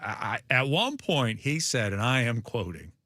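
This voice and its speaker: A man hosting a morning sports radio show, chatting casually and telling jokey stories with sudden high-pitched outbursts. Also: sing-song, normal speed, bright, forceful tone, dry recording, clean studio sound. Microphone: studio microphone.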